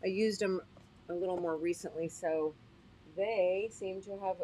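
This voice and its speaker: A woman's voice: lowish voice, steady tone, measured pace, mellow, a little hiss or hum. Chatty woman showing craft products. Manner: chatty and upbeat, checks in with listeners; often laughs at herself. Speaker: host. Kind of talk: casual livestream product demo.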